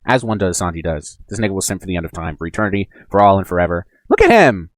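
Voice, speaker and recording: Guy reacting to a manga chapter, slangy and jokey, talks fast, dry close sound. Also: deep voice, big pitch swings, dry recording. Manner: slangy, joking, jumps into character voices.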